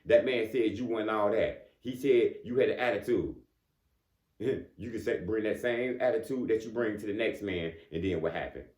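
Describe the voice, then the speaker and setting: Man, motivational speaker, deep-ish voice, laid-back chatty delivery, little laughs, roomy echo. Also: normal speed, darkish tone. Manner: conversational, keeps asking "you know what I'm saying"; chuckles between points. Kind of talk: casual motivational talk. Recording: echoey room.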